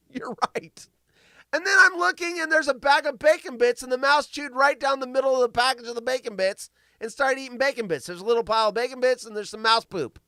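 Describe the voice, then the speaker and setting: A man's voice: extremely high pitch, lively intonation, normal speed, bright, forceful tone, no room sound, clean studio sound. A male host telling crude, self-mocking stories and riffing on the news on a live comedy show.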